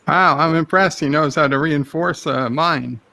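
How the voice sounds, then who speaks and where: A man's voice: on the high side, a little slow, creaky, pushed and bright. A man joining a live movie commentary with dry, matter-of-fact remarks.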